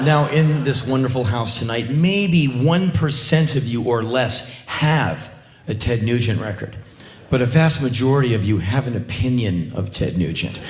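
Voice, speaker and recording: A man's voice: mid-range voice, reverberant, a little hiss or hum. A middle-aged man telling a sarcastic, profane comic story on stage. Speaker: spoken-word comedian.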